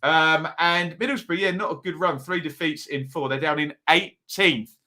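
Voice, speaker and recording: A man's voice: on the high side, moderate pace, bright, forceful tone. A man hosting a live football watch-along, chatting casually with frequent ums and uhs as he reads out team sheets. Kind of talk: casual live commentary to chat.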